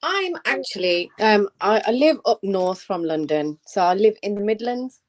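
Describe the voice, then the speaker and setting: A woman's voice: mid-range voice, lively intonation, moderate pace. A woman hosting a casual livestream panel over a video call, teasing and joking with her guests. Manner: playful, teasing, jokey.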